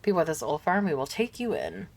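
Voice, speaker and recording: A woman's voice: fairly low pitch, big pitch swings, quick pace, vocal fry, a little mellow, exaggerated voice. A woman voicing an arrogant, domineering male wolf pack leader, reading game dialogue in a commanding, condescending tone. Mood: persuasive.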